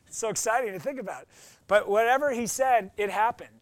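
A man's voice: high voice, fairly quick, no echo. A middle-aged man preaching a sermon in a playful way, acting out voices and quotes as he talks. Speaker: pastor.

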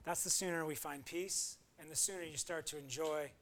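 A man's voice: fairly high pitch, steady tone, moderate pace, fairly bright tone. A man preaching a sermon in an earnest, conversational way, with sudden emphatic bursts. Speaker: pastor.

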